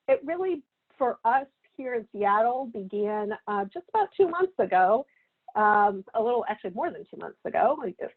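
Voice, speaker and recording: A woman giving a conversational public health lecture, unhurried and full of ums and uhs. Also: medium pitch. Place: Seattle area. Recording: tinny phone-like audio.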